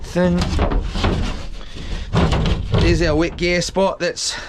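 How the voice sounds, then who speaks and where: A man's voice: high voice, flat delivery, extremely slow, heavy background noise. A man chatting to himself while tidying his boat on a live stream, rambling and swearing as he goes. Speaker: solo boat vlogger. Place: small houseboat on the water.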